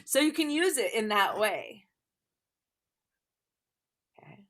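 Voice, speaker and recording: Bright-voiced woman teaching a tapping class. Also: fairly high pitch, very animated, slow. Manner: conversational, frequent "right?" check-ins. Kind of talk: live class instruction.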